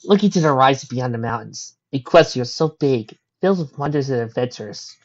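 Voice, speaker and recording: A woman reading a fan story aloud, narrating quietly and quickly between the characters' lines. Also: rumbling low, expressive. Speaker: fan fiction reader. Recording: dull lo-fi recording.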